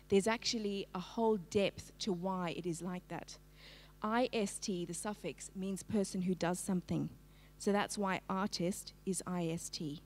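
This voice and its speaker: A middle-aged woman giving a lively, engaging literacy presentation to parents, asking her audience for a show of hands. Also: mid-range voice, normal speed. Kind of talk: live-streamed talk to parents.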